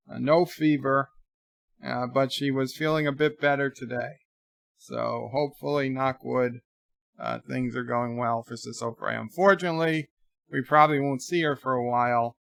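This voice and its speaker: A man's voice: mid-range voice, creaky, fairly bright tone, dry recording, clean studio sound. A man hosting a casual live stream, reading viewer letters aloud and riffing on them with jokes, in a rambling way. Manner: rambling, reads letters aloud and riffs jokingly. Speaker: livestream host answering viewer letters. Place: home room.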